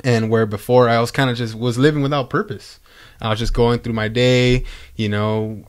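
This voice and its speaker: A young man co-hosting a faith podcast, talking in a relaxed, slangy way with many restarts. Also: mid-range voice, moderate pace, clear, resonant tone. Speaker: podcast co-host. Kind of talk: casual chat.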